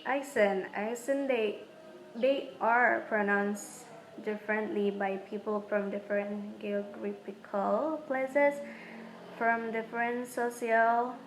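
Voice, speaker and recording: A young woman whose first language is Indonesian, a student reading her prepared exam answers aloud in short, halting phrases that often stumble. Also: fairly high pitch, fairly even intonation, slight background noise, low-quality recording.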